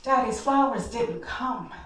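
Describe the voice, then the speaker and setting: On a stage in a hall, a woman tells a heartfelt personal story straight to the audience. Her voice is on the high side and a bit bright, at a measured pace. The mic is distant and the hall echoey.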